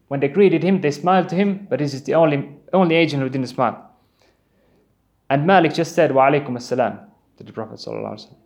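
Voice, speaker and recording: Guy preaching a sermon, kinda higher voice, earnest and vivid, drops into arabic recitation. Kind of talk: Islamic sermon.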